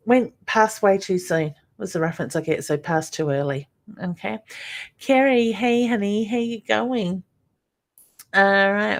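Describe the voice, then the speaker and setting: Woman giving reassuring psychic readings. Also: lowish voice. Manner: affectionate, calls viewers honey and hun, reassuring. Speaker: psychic medium. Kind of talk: live-streamed psychic readings.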